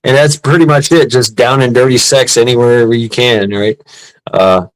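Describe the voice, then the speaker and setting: A man's voice: medium pitch, steady tone, moderate pace, low-quality recording. A middle-aged American man telling crude, profane stories in casual chat, rambling and laughing at himself. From United States.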